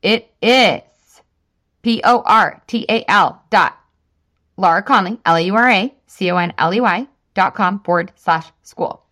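A woman's voice: mid-range voice, measured pace, fairly bright tone. A woman in her thirties hosting a casual solo podcast, chatty and full of "like", laughing at herself. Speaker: podcast host.

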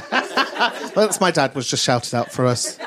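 A man's voice: fairly high pitch, sing-song, slow, pushed and bright, slight background noise. A man hosting a live podcast show in front of an audience, bantering, swearing and laughing often. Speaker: podcast host.

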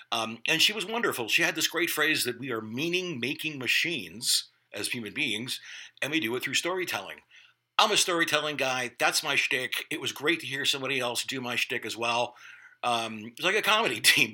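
A middle-aged man talks as a podcast host, his pitch swinging widely as he jokes about himself, laughs easily and swears without care. His voice has a sharp, very bright edge. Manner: jokey, self-mocking, swears freely, laughs often. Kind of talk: casual podcast monologue and interview.

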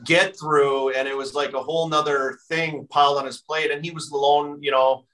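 Man, podcast guest, rambling anecdotes, lots of fillers, bright voice, heard from off-mic. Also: a little high, flat delivery, moderate pace, distant mic, rough recording. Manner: rambling, heavy use of filler "like". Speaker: podcast guest, former hockey player. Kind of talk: casual storytelling chat.

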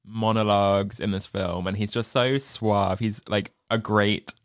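A woman's voice: a bass voice, steady tone, measured pace, no echo, clean studio sound. A woman co-hosting a casual podcast chat about a film, playful and wry, laughing often. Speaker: podcast co-host.

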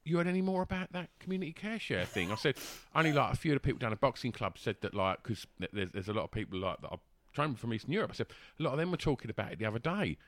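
A man's voice: mid-range voice, big pitch swings, very fast, hardly any pauses, no echo. A man telling a long casual story, rambling with fillers and restarts and laughing as he goes. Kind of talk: casual anecdote.

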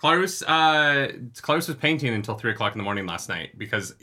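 A man's voice: medium pitch, very animated, fairly quick, bright, forceful tone. A man co-hosting a casual book club show, teasing his wife and laughing as he talks. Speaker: podcast co-host. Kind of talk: casual banter.

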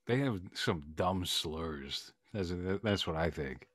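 A man co-hosting a podcast in casual banter, with a deadpan, mock-serious, drawn-out way of talking. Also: low voice, no room sound, clean studio sound. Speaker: podcast co-host.

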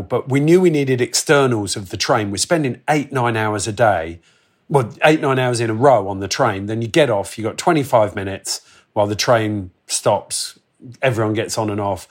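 A man in his forties, telling a wild travel story in casual chat, animated and swearing, acting out the voices of the people in it. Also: medium pitch. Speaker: podcast guest telling travel stories.

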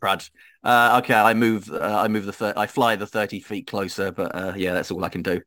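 A man playing a tabletop game as a player, talking with lots of animation and big jumps in pitch. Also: fairly quick, dry recording. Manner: animated, jumps high in pitch when excited.

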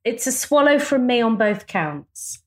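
Excitable high-voiced woman podcaster. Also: a little slow. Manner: excitable, storytelling. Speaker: podcast co-host. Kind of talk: casual chat.

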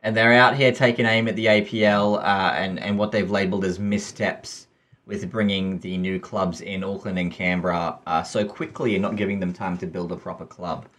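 A man's voice: low-pitched, fairly even intonation, normal speed, a bit bright. A man co-hosting a football podcast, chatting with teasing, joking banter. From Australia. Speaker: podcast co-host. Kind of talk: casual chat.

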